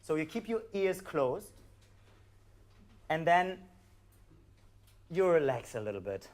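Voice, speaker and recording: A man with a German accent, calmly guiding a live audience through a performance score, with hesitant fillers. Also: a little high, a little hiss or hum. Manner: calm, instructive, hesitant with fillers.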